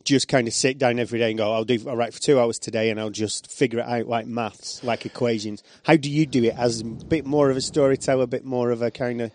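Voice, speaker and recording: Chatty host. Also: male voice, medium pitch, fairly even intonation, fast, hardly any pauses, darkish tone, dry recording. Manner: chatty, rambling, laughs often. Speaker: podcast host. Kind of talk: casual chat.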